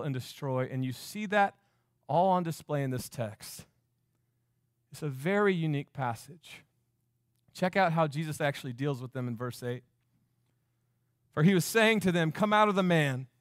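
A pastor preaching a sermon, emphatic and fond of repeating phrases for effect. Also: male voice, sits high, no room sound, studio quality.

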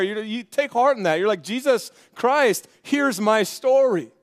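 A man preaching a sermon in an energetic, conversational way, with joking asides to the congregation. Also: sits high. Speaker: pastor. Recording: long reverb of a large hall.

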